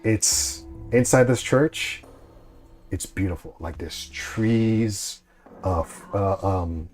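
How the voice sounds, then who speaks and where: A man narrating as game master, describing scenes with a halting, filler-heavy delivery. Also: fairly low pitch, darkish tone, soft background music. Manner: hesitant, many fillers.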